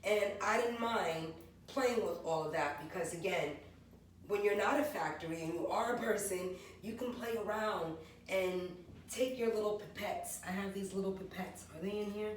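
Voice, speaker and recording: At a normal pace and in a mid-range voice, this forties-aged maker of natural hair and skin goods talks casually through her products, running down lists of ingredients. The sound is very echoey and distant, with faint background hum.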